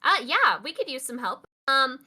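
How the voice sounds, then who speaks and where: A woman's voice: high voice, very animated, moderate pace, pushed and bright, full character voice. A woman voicing a friendly young woman who organizes a party, speaking hesitantly with many fillers.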